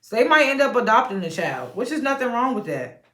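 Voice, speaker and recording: A woman's voice: a little high, big pitch swings, a little fast, pushed and bright, echoey room. A woman casually recapping a reality show episode, chatty, laughing often and retelling scenes in quoted voices.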